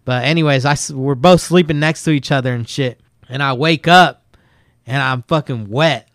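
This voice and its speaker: A man casually telling profane, laughing stories about a friend in a relaxed chat. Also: mid-range voice, moderate pace, dry recording, studio quality. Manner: laid-back, profane, laughs through his stories.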